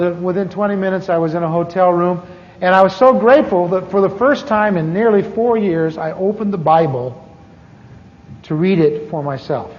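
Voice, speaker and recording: A middle-aged man tells his conversion story from the pulpit in a candid, storytelling manner with wry asides. His voice sits high. The archive recording sounds muffled, with a long hall echo. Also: a little hiss or hum. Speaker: preacher. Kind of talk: testimony sermon.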